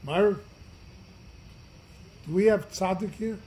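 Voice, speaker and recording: A man, a rabbi, telling a story during a Torah class in an earnest, emphatic way, his voice rising and falling in loudness. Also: high voice, slow, rough recording. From United States. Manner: earnest, emphatic, swings from loud to quiet.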